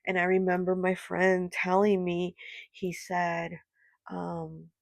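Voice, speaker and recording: A woman with a low, gravelly voice gives a casual tarot reading straight into a close, dry mic. She rambles and circles back on her points, padding her talk with "like" and "you know". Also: completely flat delivery, takes it slowly, dry recording. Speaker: tarot reader.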